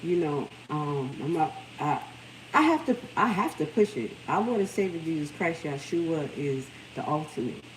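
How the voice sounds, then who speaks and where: A middle-aged woman speaks, her voice sitting slightly low as she hosts a casual livestream. She tells stories with animated energy. A faint background noise sits under the recording. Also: moderate pace, poor audio. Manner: animated storytelling, lively quoted voices. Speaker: livestream host.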